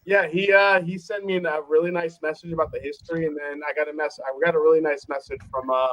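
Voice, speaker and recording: A man guesting on a casual podcast, talking in excited, rambling bursts. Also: fairly high pitch, fast, dry recording, poor audio.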